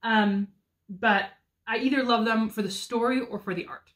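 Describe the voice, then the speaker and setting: A woman in her thirties talks about picture books she loves in a fairly high, fairly bright voice with fairly even intonation and a moderate pace. The homeschool mom's casual recommendations are eager, with plenty of ums.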